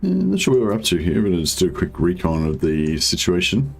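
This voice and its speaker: A man's voice: low-pitched, wildly swooping pitch, a little fast, creaky, slightly rough. An Australian man casually chatting with viewers while livestreaming a strategy game and greeting them by name. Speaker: livestreaming gamer.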